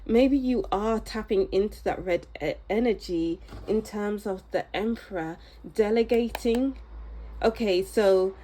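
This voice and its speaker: Slow, mellow-voiced woman reading tarot. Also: a little hiss or hum. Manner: soft, musing and unhurried, drifting into a low near-whisper. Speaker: tarot reader. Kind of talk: pick-a-card tarot reading.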